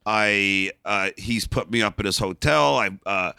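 A man's voice: on the low side, unhurried, gravelly, pushed and bright, clear, resonant tone, no room sound, clean studio sound. A man telling a long story as a podcast guest, rambling and blunt with frequent restarts and swearing. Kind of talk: casual storytelling.

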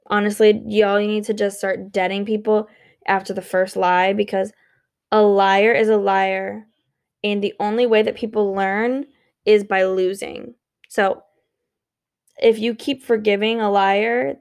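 A woman's voice: mid-range voice, level tone, a little slow, creaky, darkish tone, clean tone. A sleepy woman giving casual relationship advice in a blunt, profane, emphatic way, yawning between points. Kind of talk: casual unscripted advice monologue.

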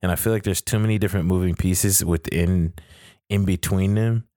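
A man's voice: low-pitched, fairly even intonation, moderate pace, dark tone, no room sound, clean studio sound. A man in casual podcast chat, blunt, thinking aloud and searching for words.

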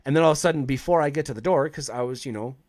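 A man's voice: mid-range voice, very fast, darkish tone, no room sound, clean studio sound. A man, a chef and podcast host, telling a long story as an interview guest, swearing freely and acting out the people he quotes.

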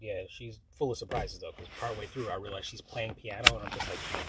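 A man telling a story in casual chat, swearing freely and laughing, his voice jumping high when he gets worked up. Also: lively intonation, fast, very noisy.

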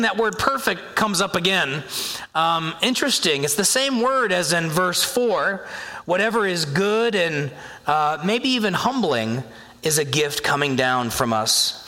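A man preaching a sermon as a pastor, talking in a conversational, animated way and acting out inner voices. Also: fairly high pitch. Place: church sanctuary. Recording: long hall reverb.

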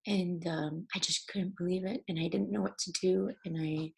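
A young woman actor in an interview, telling a personal story in a halting way with many restarts, at times tearful with her voice breaking. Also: fairly low pitch, fairly even intonation, vocal fry, a little mellow, breathy edge. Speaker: actor guest.

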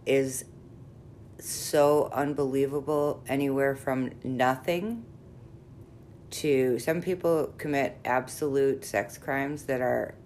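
A middle-aged woman therapist with a very deep voice talks openly and bluntly, swearing casually and laughing easily. She sounds candid and unguarded in a relaxed conversational interview. A faint rumble sits under the recording. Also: takes it slowly. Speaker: therapist working with sex offenders.

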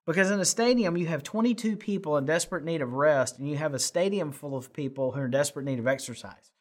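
A man's voice: fairly high pitch, fairly bright tone. A man preaching a sermon, conversational and folksy, with fillers and rising emphasis. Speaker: pastor.

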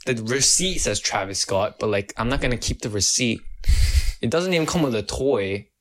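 A man's voice: mid-range voice, animated, normal speed, a bit bright. A teenage boy in casual chat, telling a rambling story full of slang and swearing. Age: teens.

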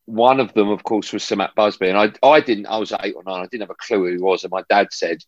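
With a voice on the low side and a fast delivery, a football broadcaster guest chats casually on a remote call from a room at home. His stories are animated and full of restarts. The sound is lo-fi with no echo.

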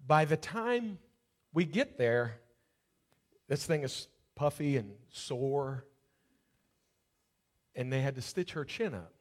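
A man with a high voice preaches a sermon. He tells a personal story, then builds to fervent, rising preaching. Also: expressive, slow, long pauses. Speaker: pastor.

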